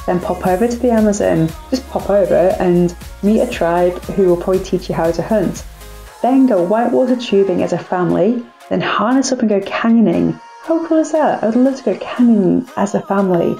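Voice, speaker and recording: A woman's voice: mid-range voice, brisk, gravelly, dark tone, echoey room, soft background music. A young woman vlogging about family travel, chatty and upbeat, with self-mocking asides. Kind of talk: family travel vlog narration.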